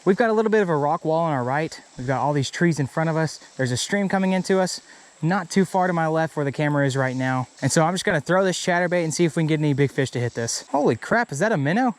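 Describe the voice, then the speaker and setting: A young man vlogging outdoors by a creek, excitable and often swearing and laughing. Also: fairly high pitch, fast talker. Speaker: fishing vlogger. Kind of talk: casual outdoor vlog chat.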